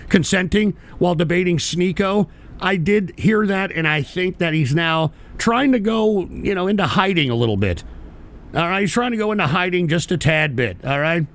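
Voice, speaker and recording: A man hosting a livestream, ranting in a profane, exasperated way with stammering restarts. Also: high voice. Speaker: livestream show host. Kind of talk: angry livestream rant.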